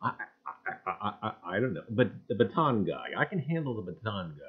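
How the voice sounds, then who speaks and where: A man hosting a casual livestream, greeting viewers by name in loud sing-song bursts and chatting in a folksy way. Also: mid-range voice, very animated, moderate pace, slightly rough. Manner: folksy, repeats "gang, I tell you". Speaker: livestream host. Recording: dull lo-fi stream audio.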